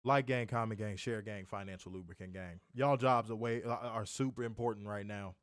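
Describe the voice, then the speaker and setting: A man with a fairly low, fairly even voice co-hosts a wrestling review podcast, talking briskly in casual chat. He rants in exasperation, swearing and repeating himself for emphasis. The audio is studio quality with no room sound.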